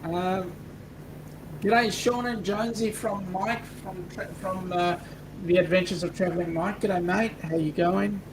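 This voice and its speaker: A man's voice: sits high, fairly even intonation, a little slow, background noise. A man with an Australian accent, co-hosting a casual livestream and reading out viewer comments with jokes. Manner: reads out viewer chat comments, joking. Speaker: co-host.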